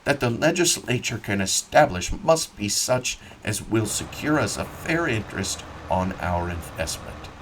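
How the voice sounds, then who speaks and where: A man reading aloud, voicing a calm, smooth-talking railroad agent who placates farmers. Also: lowish voice, measured pace, few pauses, far from the mic, a little hiss or hum, poor audio.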